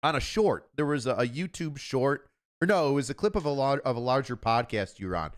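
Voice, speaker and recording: A man's voice: mid-range voice, animated, fairly quick. A man, a police officer hosting a stream, talking in a rambling, profane, laughing way. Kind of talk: casual chat.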